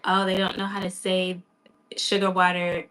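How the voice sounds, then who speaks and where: A woman host learning isiZulu on a casual live stream, playful and laughing as she sounds out words haltingly. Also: lowish voice, monotone, noisy background. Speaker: beginner learner and channel host.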